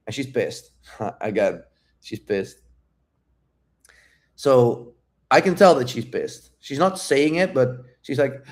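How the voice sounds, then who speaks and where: A man in the middle of the usual pitch range, telling a story to his audience. He speaks bluntly and casually, swears freely and takes his time, with the relaxed tone of a dating coach. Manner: blunt, profane, unhurried.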